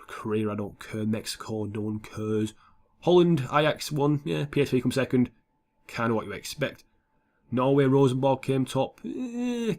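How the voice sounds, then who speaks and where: A man's voice: medium pitch, a little mellow. A young man giving casual, sweary commentary over a football management game. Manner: blunt, sweary and offhand. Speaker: gaming YouTuber.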